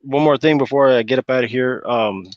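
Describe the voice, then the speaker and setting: A man's voice: medium pitch, a little fast, no room sound. Hesitant man guest, dry dull audio. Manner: hesitant, many ums. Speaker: guest on livestream. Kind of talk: casual chat.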